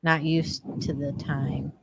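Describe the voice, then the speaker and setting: A woman's voice: sits low, little pitch movement, takes it slowly, creaky, husky, no room sound, clean studio sound. A woman co-hosting a recovery livestream in casual chat, greeting viewers by name and talking around a sore tongue. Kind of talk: casual live-stream chat.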